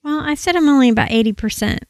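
A pregnant woman chatting casually on a podcast, teasing and quick to laugh. Her voice is a little high. The sound is dry and close. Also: animated, dry recording. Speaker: podcast co-host. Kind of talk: casual chat.

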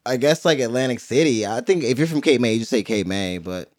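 A man's voice: medium pitch, lively intonation, brisk, a little mellow, no echo, studio quality. A man in his thirties from New Jersey, co-hosting a podcast in a slangy, profane, laughing way. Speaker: podcast co-host. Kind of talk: casual chat.

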